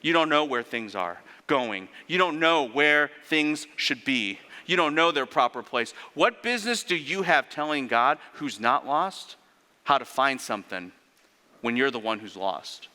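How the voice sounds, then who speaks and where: Animated preacher in a reverberant hall. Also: male voice, medium pitch, measured pace. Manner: animated, rhetorical questions, sarcastic asides. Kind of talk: sermon. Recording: long reverb of a large hall.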